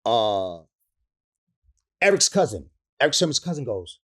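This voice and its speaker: A man's voice: mid-range voice, big pitch swings, a little slow. A man in his fifties, a rapper being interviewed, telling a long anecdote in casual slang. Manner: slangy, acts out other people's voices in quotes. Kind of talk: animated storytelling anecdote.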